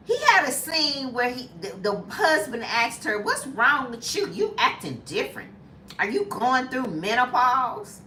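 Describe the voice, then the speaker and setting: Animated woman in her fifties, roomy sound. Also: a little slow, far from the mic, a little hiss or hum. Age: 50s. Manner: animated, squeals high when acting out reactions. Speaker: lifestyle vlogger. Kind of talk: casual chat.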